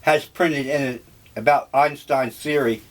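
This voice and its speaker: An older man talking over breakfast in a slow, musing, rambling monologue. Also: medium pitch, fairly even intonation. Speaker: vlogger.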